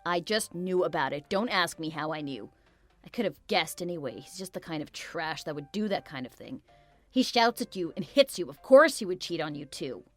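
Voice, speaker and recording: A woman's voice: fairly low pitch, animated, normal speed, pitched below the performer's own voice. A woman's text-to-speech voice playing a blunt, pushy friend who urges her to leave. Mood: blunt, urging. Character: blunt, protective female friend.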